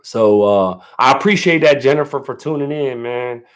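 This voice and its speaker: A man's voice: medium pitch, moderate pace, dull audio. A man hosting his first livestream in a casual, rambling way, full of fillers and a little nervous. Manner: laid-back, rambling, lots of fillers and "man". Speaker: livestream host.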